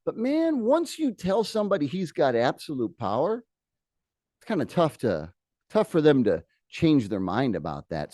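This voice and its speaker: A man teaching a history class, lecturing in a lively way with joking asides to his students in a classroom. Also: medium pitch, dry recording, studio quality.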